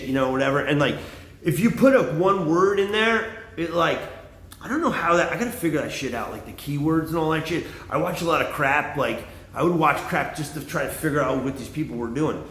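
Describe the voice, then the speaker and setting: A man's voice: fairly high pitch, a bit bright. A man vlogging in a casual, rambling monologue, swearing often and full of fillers. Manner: rambling, profane, lots of fillers. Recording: roomy echo, faint ambience.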